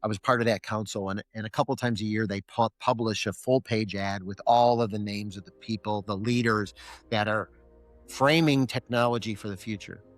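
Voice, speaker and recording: Telling a personal story as a podcast guest, a middle-aged man animatedly voices both people in a conversation he remembers. He speaks at normal speed in a lowish voice, recorded dry with faint music behind.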